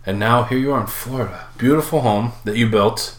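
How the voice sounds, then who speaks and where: A man's voice: mid-range voice, fairly quick, noisy background. A middle-aged man from Minnesota co-hosting a casual live-stream chat, joking and laughing often. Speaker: podcast co-host. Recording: echoey room.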